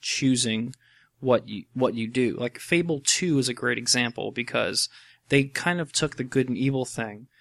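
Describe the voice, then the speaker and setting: A man's voice: medium pitch, normal speed, gravelly, no echo. A man chatting about video games, rambling and repeating himself as he works through his points. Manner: rambling, repeats words, animated. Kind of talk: casual gaming chat.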